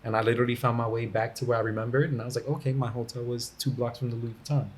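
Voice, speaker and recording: A man in a casual podcast chat, telling animated stories full of slang and acted-out quotes. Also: medium pitch, racing. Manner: animated storyteller, acts out quotes with laughter and slang. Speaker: podcast guest.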